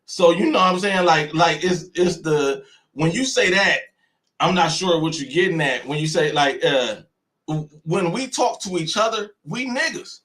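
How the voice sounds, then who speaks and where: With lively intonation and a slightly high, somewhat bright voice, an American man runs a live stream at a moderate pace. Hailing from the United States, he delivers heated opinions in an emphatic, repetitive style, voicing other people as he goes.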